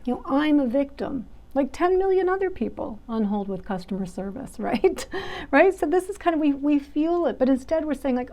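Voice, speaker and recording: A woman teaching a meditation class with a mellow, somewhat high voice. She talks conversationally, tagging her points with "right?". At times she drops into gentle, near-whispered asides. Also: animated, moderate pace. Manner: conversational, frequent "right?" tags, soft soothing whispered asides.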